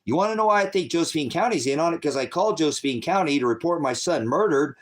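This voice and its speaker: A man's voice: fairly high pitch, animated, fast. A middle-aged man hosting a faith channel, delivering an angry, profane, rambling rant to his viewers.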